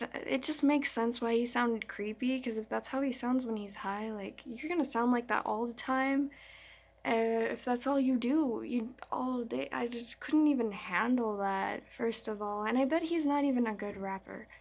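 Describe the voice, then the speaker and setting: A woman's voice: fairly high pitch, a little slow. A young woman vlogger telling a story in a slangy, rambling, frank way. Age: young adult. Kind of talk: casual storytime chat.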